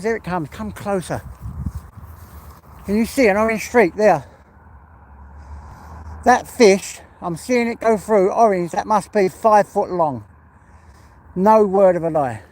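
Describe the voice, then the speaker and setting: A retired older Englishman with a high-pitched voice vlogs while walking his dog outdoors on a rural walk by water. He chats casually to viewers, rambling from topic to topic, with a little hiss or hum audible.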